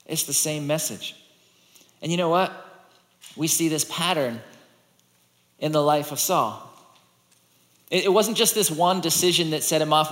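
A man preaching a sermon in a conversational, animated way, reading scripture and acting out the people in it. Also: fairly high pitch. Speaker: pastor. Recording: long hall reverb.

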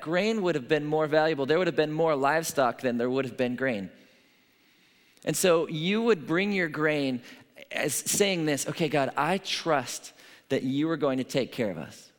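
A male pastor giving a sermon in a relaxed, conversational way, telling stories and checking in with his listeners. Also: a little high, long reverb tail. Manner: conversational, storytelling, frequent "right?" asides.

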